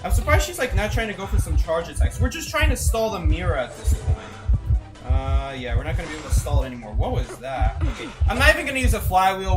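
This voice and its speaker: A young adult game streamer telling stories in casual chat, animated and often asking "right?". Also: medium pitch. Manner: animated storyteller, tags lines with "right?". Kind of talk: casual chat while gaming.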